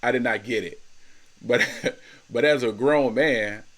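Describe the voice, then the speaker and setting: A man's voice: mid-range voice, slow pace, fairly bright tone. A man in his thirties hosting a casual solo podcast, talking in a slangy, laid-back way, repeating words and laughing often. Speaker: podcast host.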